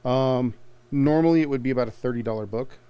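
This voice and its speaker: A man's voice: mid-range voice, fast talker, warm tone, clear, resonant tone, dry recording, highs cut off. A young man hosting a live comic book sale stream, chatting casually and joking a lot. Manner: jokey, rambling, laughs often. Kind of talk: casual sales chat.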